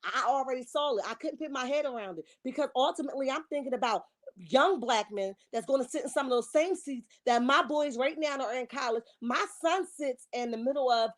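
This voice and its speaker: High-voiced woman in a fiery scolding rant. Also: a little fast. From Camden, New Jersey. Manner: scolding, fiery, rhetorical questions. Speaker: online commentary host. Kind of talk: heated rant commentary.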